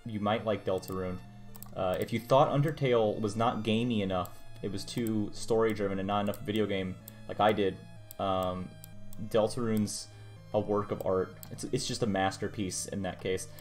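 A man's voice: lowish voice, steady tone, normal speed. Rambling young man streaming. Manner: rambling, muttering to himself about his drawing. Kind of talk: casual stream chat while drawing. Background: music playing.

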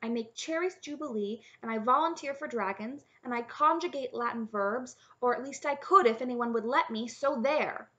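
A woman's voice: on the high side, lively intonation, normal speed, voice pushed up. Woman voicing a spirited young princess. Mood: defiant. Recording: slightly dull lo-fi audio.

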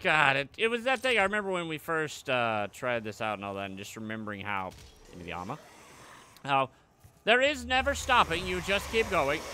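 A young man giving loud, excitable let's-play commentary, yelling at enemies and cracking sarcastic quips. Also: a little high, a little fast, a little hiss or hum. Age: young adult. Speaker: gameplay streamer.

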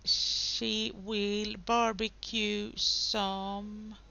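A woman's voice: mid-range voice, level tone, extremely slow, vocal fry, pushed and bright, smooth, dull audio. A woman hosting a gaming video, giving casual commentary and chatting to the game characters.

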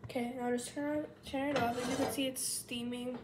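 A woman's voice: high-pitched, flat delivery, moderate pace. A woman casually talking through a cooking tutorial at home, chatty and self-mocking, thinking aloud as she goes. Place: home kitchen. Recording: kitchen fan noise behind. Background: loud kitchen fan.

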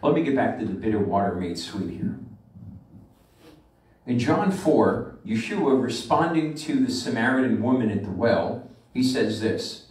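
A man, a rabbi, delivering a sermon with emphatic preaching that slows and swells on scripture, recorded in a synagogue sanctuary. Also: mid-range voice, animated, darkish tone. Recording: echoey room from far off the mic.

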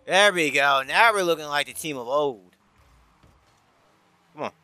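A man's voice: a little high, lively intonation, a little slow, dry recording. A man commentating his car soccer match, bossing and mock-scolding his teammates as a pretend team owner. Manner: trash-talking teammates as a mock team boss, hype and yelling. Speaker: gaming YouTuber. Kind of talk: playful rocket league commentary.

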